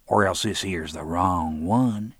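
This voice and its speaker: A man's voice: deep voice, takes it slowly, no room sound. A man doing a coarse, menacing tough guy. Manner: blunt, coarse, slangy. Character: crude menacing middle-aged man. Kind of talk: audiobook narration.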